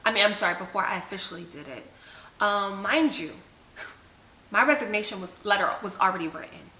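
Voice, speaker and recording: A woman's voice: mid-range voice, expressive, brisk, pushed and bright. A woman vlogger telling a personal story to the camera in a candid, emotional, conversational way. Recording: echoey room with faint hiss.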